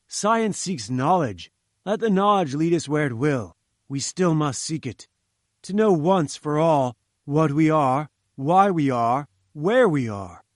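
A man voicing a domineering, irascible older male scientist who speaks in a curt, forceful, imperious way. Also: a little high, dry recording, studio quality. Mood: lofty.

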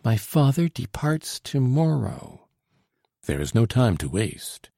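A man's voice: mid-range voice, sing-song, measured pace, gravelly, warm tone, breathy edge, no room sound, studio quality, heavily acted. A man reading an audiobook, voicing an anxious young noblewoman with urgent, pleading questions. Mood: urgent, eager.

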